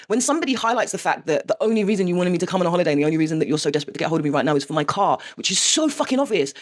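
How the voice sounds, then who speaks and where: A woman's voice: fairly low pitch, expressive, rapid-fire, few pauses. A woman talking candidly to camera in a confessional vlog, frank and sweary, with rueful laughs. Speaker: vlogger.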